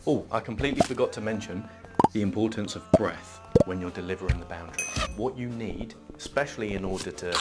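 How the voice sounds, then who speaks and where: A man calmly teaching how to state a boundary, reading example sentences aloud in an instructional video. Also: low voice. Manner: calm, measured, reads example sentences aloud. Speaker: self-help teacher. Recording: loud background music.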